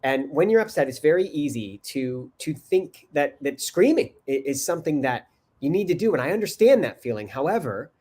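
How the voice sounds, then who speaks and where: Man, show host, casual conversation, hesitant and repetitive, slightly high pitch. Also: big pitch swings, warm tone. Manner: halting, repeats words, many fillers. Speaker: podcast host.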